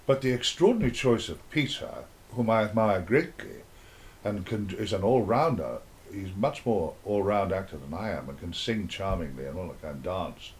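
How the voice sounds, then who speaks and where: A man's voice: low voice, animated, normal speed. Older man telling rambling, playful stories. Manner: rambling, playful storytelling with sudden dramatic outbursts. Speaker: actor being interviewed. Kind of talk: casual interview chat.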